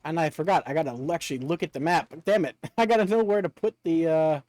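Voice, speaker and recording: A man's voice: on the high side, fast, a little mellow, dry recording. A male streamer chatting casually and joking with his viewers while playing a game, laughing often. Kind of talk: casual gameplay chat.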